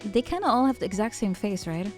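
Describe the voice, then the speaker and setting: A woman guest streamer in casual chat, relaxed and quick to laugh. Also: medium pitch, over music. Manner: relaxed, chatty, laughs easily.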